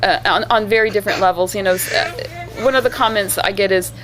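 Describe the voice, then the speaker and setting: A woman's voice: mid-range voice, fairly quick, fairly bright tone, faint music behind. A woman who performs as a living statue, telling stories in a casual interview, with many fillers and restarts.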